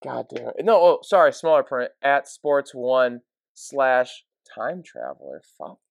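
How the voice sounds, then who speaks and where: A man's voice: medium pitch, wildly swooping pitch, measured pace, vocal fry, dry recording. A man co-hosting a casual sports podcast, telling stories with frequent laughs and filler words. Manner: laughing storyteller, many fillers. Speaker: podcast co-host.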